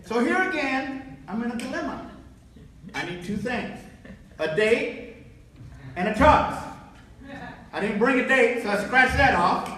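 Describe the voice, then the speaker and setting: A man from Texas delivers a motivational keynote with an unusually high voice. He tells his story with energy and acts out the dialogue. The sound is picked up from far off in a very echoey event hall with a faint hum underneath. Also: a little slow, long pauses. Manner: animated storyteller acting out dialogue with laughs. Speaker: keynote speaker. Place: large hotel event hall.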